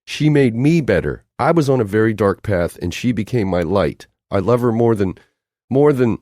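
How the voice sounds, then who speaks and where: A man's voice: low-pitched, big pitch swings, darkish tone, dry recording, clean studio sound, pitched above the performer's own voice, heavily acted. A man voicing a fiery, tearful young woman. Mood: fierce. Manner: emotional, quick-tempered outbursts. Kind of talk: audiobook character voicing.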